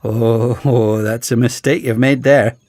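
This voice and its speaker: A man's voice: medium pitch, fairly even intonation, a little slow, a little mellow, dry recording, lightly acted. A man voicing a brash young male fighter with a Scottish accent, cocky and blunt.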